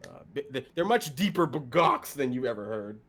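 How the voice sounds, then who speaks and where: A man narrating a tabletop role-playing game as game master, halting often to restart. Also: medium pitch, expressive, a bit bright. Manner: halting, full of fillers and restarts.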